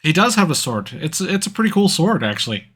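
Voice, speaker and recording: A man player introducing his character hesitantly, pausing with ums. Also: on the high side, very animated, fairly bright tone, a little hiss or hum. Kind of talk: casual chat.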